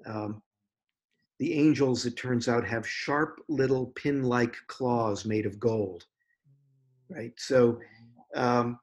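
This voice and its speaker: A man who edits poetry, talking through a poem in a thoughtful, unhurried way with frequent pauses. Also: mid-range voice. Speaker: poetry editor. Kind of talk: conversational discussion of poetry.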